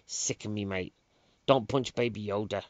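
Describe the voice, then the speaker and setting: A man, a comedian, rambling through a chatty podcast monologue in a deadpan way that drifts into mock outrage. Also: on the low side, normal speed, dry recording. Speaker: stand-up comedian and event promoter. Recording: dry, dull lo-fi sound.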